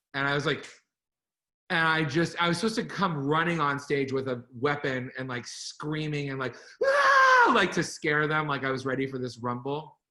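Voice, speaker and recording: A man co-hosting a casual online chat over a video call, telling lively stories and laughing along the way. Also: a little high. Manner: animated storyteller, laughs while telling stories. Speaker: co-host.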